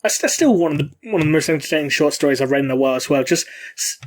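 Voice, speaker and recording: A man's voice: on the high side, expressive, very fast. A man chatting casually as a podcast host, rambling with lots of fillers and swearing freely.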